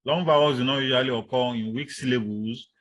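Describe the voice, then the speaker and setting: A male lecturer explains material to his students at a measured pace. His pitch sits in an ordinary middle range. He fills his pauses with "um" and "uh" and repeats his main points. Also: fairly bright tone, poor audio. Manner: deliberate, many fillers, repeats key points. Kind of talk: university lecture.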